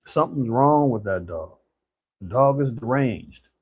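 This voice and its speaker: A man's voice: mid-range voice, animated, measured pace, a little mellow, slightly rough, no room sound, rough recording. A man giving a casual, conversational scripture commentary on current events, talking colloquially and often tossing in "man" and "right?". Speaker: preacher.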